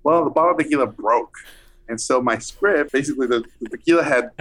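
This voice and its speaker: A man recounting an anecdote as an interview guest, lively and animated, acting out the people he quotes. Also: medium pitch, fast. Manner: animated, acts out quoted voices. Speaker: film director guest. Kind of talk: anecdotal storytelling.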